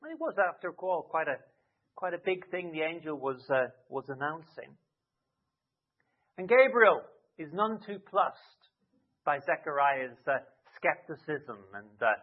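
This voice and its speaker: A man preaching a sermon expressively, with dramatic rises and soft drops. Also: on the high side, lively intonation, moderate pace. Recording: tinny phone-like sound.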